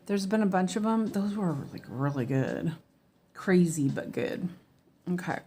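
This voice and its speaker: Slow-talking woman chatting while stitching. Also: on the low side, expressive, a little hiss or hum. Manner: chatty and rambling, with restarts and quiet muttering to herself while she works. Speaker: cross-stitch designer and streamer. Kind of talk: casual chat while stitching, answering viewer comments.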